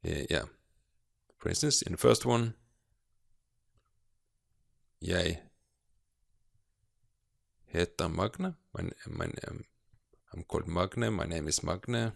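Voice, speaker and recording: Slow, gravelly-voiced man teaching grammar. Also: sits low, no echo, studio quality. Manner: slow, patient explaining with frequent hesitations. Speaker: language teacher. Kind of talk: video grammar lesson.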